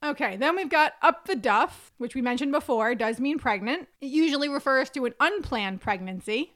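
A high-pitched woman from Scotland co-hosts a casual podcast. She explains slang and reads quoted passages with playful emphasis. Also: animated, moderate pace, fairly bright tone. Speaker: podcast co-host. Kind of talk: casual chat.

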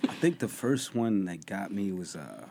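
A man's voice: low-pitched, normal speed, gravelly, heavy background noise. A man actor guesting on a podcast, laid-back and slangy. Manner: laid-back slangy talk, animated laughs. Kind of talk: casual podcast chat.

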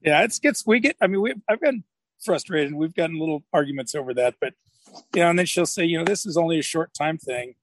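A man's voice: on the high side, expressive, fast, no echo, rough recording. A middle-aged man chatting casually as an interview guest, rambling and restarting his sentences as he tells stories. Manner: rambling, self-correcting storyteller. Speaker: podcast guest.

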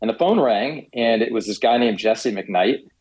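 A middle-aged man, a company founder guesting on a podcast, telling his story hesitantly with many pauses. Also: medium pitch, animated, a little mellow, husky, poor audio. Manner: hesitant, many fillers and restarts. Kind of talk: casual podcast interview.

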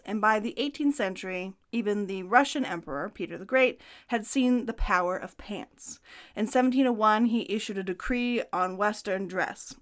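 Brief: a woman podcast co-host, mid pitch, conversational scripted history narration. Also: fairly bright tone.

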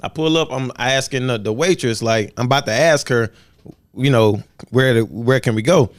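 A man hosting a podcast, telling a story in a lively, profane, casual way. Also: medium pitch, normal speed. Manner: animated storyteller, swears freely. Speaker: podcast host.

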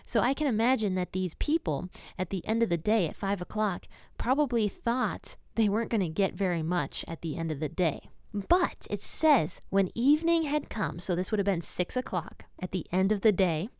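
Woman doing a chill bible talk, smooth clear voice, dry close sound, super conversational and personal. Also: medium pitch, lively intonation, normal speed, a little mellow, no echo. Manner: conversational, retells scripture in her own words; candid and personal. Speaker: Bible teacher. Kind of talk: casual devotional Bible talk.

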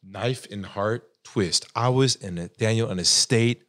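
A man telling a sales story as a podcast guest, dramatic and lively, acting out the voices of the people in it. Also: fairly low pitch, a little slow. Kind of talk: animated storytelling.

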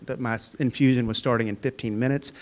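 A man's voice: mid-range voice, fairly even intonation, quick pace. A man in his fifties telling an earnest personal faith story as a guest in a church interview. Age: 50s.

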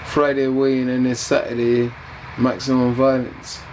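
A man's voice: medium pitch, monotone, normal speed, a little mellow, slight background noise, low-quality recording. A man being interviewed during fight week, talking in a laid-back, teasing and rambling way.

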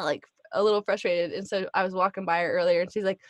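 A woman in her thirties, a podcast guest, telling a family story in a casual, animated way and acting out the voices of people she quotes. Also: mid-range voice, brisk, hardly any pauses, no echo, studio quality. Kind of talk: casual chat.

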